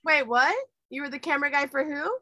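Bright, excitable woman host. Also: high-pitched, quick pace, no echo. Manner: excitable, swears freely. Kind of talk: casual chat.

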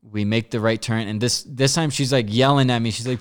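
A man's voice: mid-range voice, fairly even intonation, brisk, clean tone. A man hosting a podcast, telling stories in a casual, rambling way with lots of fillers and voiced quotes. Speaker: podcast host. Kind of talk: casual storytelling.

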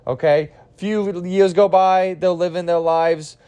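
A man's voice: high-pitched, steady tone, slow, warm tone, clear, resonant tone, muffled recording. A man in his twenties, tired and losing his voice, telling a joke in a rambling, self-deprecating podcast monologue with frequent restarts and casual swearing. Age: 20s. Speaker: podcast host.

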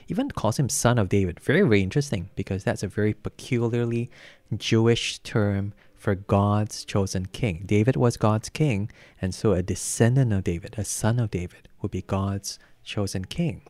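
A man preaching a sermon in a relaxed, conversational way, with stories and frequent fillers. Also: on the low side, normal speed, no room sound.

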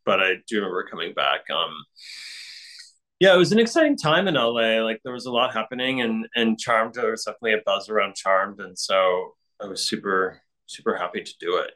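A man's voice: fairly low pitch, expressive, fairly quick, bright, forceful tone, low-quality recording. A man, an actor being interviewed, talking casually and rambling with many fillers and frequent laughs. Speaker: actor guest.

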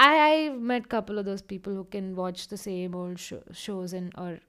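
A young woman hosting a solo podcast, chatting casually and rambling from one tangent to the next, now and then acting out quotes with lively voices. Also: medium pitch, normal speed, hardly any pauses, clean tone. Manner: slips into animated acted-out quotes. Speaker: podcast host.

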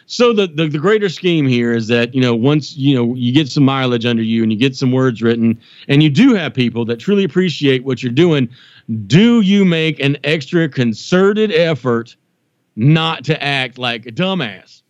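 A man poet telling stories as a guest, animated and self-deprecating, with many restarts. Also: mid-range voice, moderate pace, no echo, dull audio. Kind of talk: casual chat.

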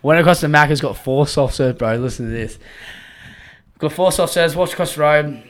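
A man's voice: a little high, moderate pace. A young Australian man in casual podcast chat, telling a rambling story full of swearing and laughter. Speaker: podcast co-host.

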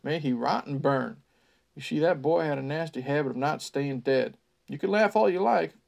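A man's voice: a little high, normal speed, gravelly, darkish tone. A man reading aloud and voicing a folksy, ominous older gas station owner with a drawling manner. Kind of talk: read-aloud character voice.

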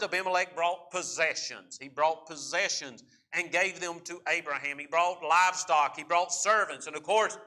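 A man preaching a sermon in a very bright, somewhat high voice. He is emphatic, acting out the figures in the story as he goes. He slows right down to drive home the key points.

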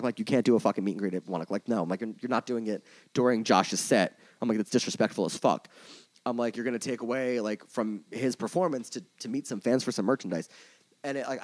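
A lowish-voiced man appears as a podcast guest, a tour manager and merch coordinator talking about his work in music merchandising and touring. He tells his story casually and ramblingly, packed with "like" and swearing, candid and openly emotional.

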